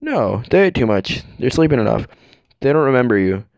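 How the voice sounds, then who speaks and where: A man voicing a calm, reassuring young male spirit in a comedic fan dub, close to his own voice. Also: mid-range voice, a little fast, gravelly, no room sound, dull audio. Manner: calm, reassuring, matter-of-fact.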